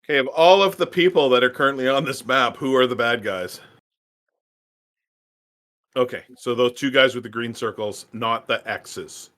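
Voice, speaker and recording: A man's voice: medium pitch, moderate pace, fairly bright tone. A man playing a tabletop game, brash and joking as he describes his character's moves. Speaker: player.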